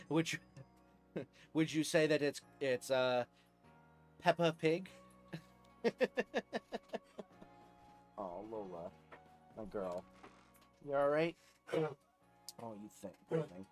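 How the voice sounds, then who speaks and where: Brief: young male streamer, mid-pitched, casual rambling chat, soft coos, faint game music behind. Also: takes it slowly, long pauses. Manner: soft cooing to his dog, rambling with many fillers.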